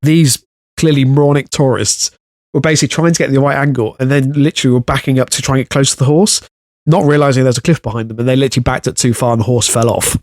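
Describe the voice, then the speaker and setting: A man's voice: mid-range voice, steady tone, quick pace, darkish tone, no room sound, clean studio sound. A British man co-hosting a comedy podcast, rambling and hedging his way through a story. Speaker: podcast co-host. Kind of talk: casual comedic chat.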